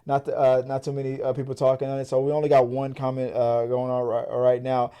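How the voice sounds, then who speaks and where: A man hosting a casual movie podcast, talking in a rambling, profane and animated way. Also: mid-range voice, a little fast, clean tone, muffled recording. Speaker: podcast host. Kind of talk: casual chat.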